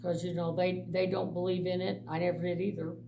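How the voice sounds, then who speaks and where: A middle-aged woman giving a blunt, animated personal testimony to a church group, laughing often as she tells her stories. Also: lowish voice, a little fast, vocal fry. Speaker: mission director. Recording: distant mic with faint background noise.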